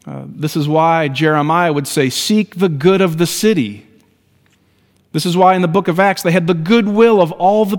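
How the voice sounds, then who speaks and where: Earnest preacher man in a reverberant space. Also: on the high side. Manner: earnest, rising to emphatic exhortation. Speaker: pastor. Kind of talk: sermon.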